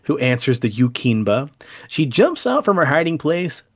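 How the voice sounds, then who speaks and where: A man's voice: fairly high pitch, sing-song, normal speed. A man hosting a podcast, telling folklore tales in a playful, dramatic way. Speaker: podcast host. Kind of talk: storytelling podcast chat.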